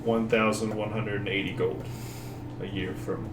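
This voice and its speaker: A man playing in a tabletop game, talking in a deliberate, plotting way. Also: lowish voice, level tone, echoey room, background noise. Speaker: player. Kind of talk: casual tabletop game play.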